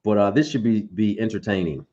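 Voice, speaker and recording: A man's voice: on the low side, fairly quick, mellow, dull audio. A man co-hosting a casual chat show, teasing and insistent in a playful way. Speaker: co-host.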